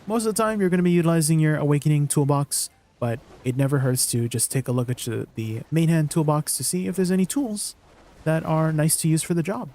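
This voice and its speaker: A man's voice: medium pitch, warm tone. A man streaming a game, chatting casually and rambling, often asking his chat questions and laughing easily.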